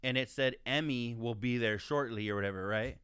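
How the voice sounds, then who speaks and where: A man co-hosting a podcast, telling a story in profane, animated casual chat. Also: medium pitch, brisk, clear, resonant tone. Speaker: podcast co-host.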